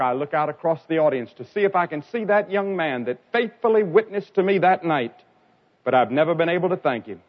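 A man delivers an evangelistic sermon in a fairly high voice that leaps up and down in pitch. He tells his stories dramatically, rising to loud cries and dropping to hushed lines. The old recording sounds dull and lo-fi. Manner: dramatic storytelling with sharp swings in pitch and loudness. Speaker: preacher.

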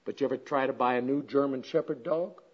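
A man telling a homespun story as part of a sermon, chatty and plain, breaking into loud animated exclamations. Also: mid-range voice, fast. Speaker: speaker at a women's gathering. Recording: dull lo-fi recording.

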